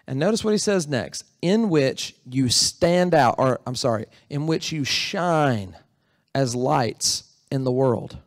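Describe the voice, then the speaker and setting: A man's voice: mid-range voice, animated, slow pace, no echo, clean studio sound. A male pastor preaching a sermon in a church, talking in a conversational way and asking the congregation questions. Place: church sanctuary.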